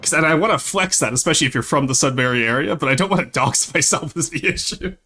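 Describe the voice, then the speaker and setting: A man's voice: a little high, quick pace, sharp tone, soft background music. Chatty bilingual male streamer. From Ontario, Canada. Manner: chatty, switches between English and French, laughs often. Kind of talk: casual live-stream chat, reading chat aloud.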